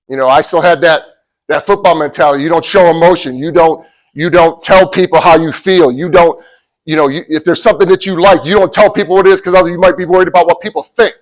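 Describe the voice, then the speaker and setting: A middle-aged man giving a motivational talk to college athletes, telling a personal story and swinging from loud bursts to hushed asides. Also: a little high, steady tone, quick pace, low-quality recording. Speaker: motivational speaker.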